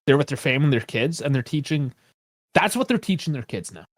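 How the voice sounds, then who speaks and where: Man, higher voice, rapid talk, quick laughing interjections, dry sound. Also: sing-song, no echo. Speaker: podcast co-host. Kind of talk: casual chat.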